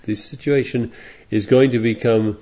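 A man's voice: medium pitch, fairly even intonation, moderate pace, warm tone. A man preaching a sermon in a rambling, digressive way, reading scripture aloud as he goes. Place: congregation in California. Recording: dull lo-fi sermon recording.

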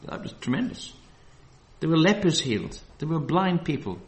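Very animated and a little high in pitch, a man preaching a Bible study reads verses slowly with heavy emphasis. He then drifts off into casual asides strewn with fillers.

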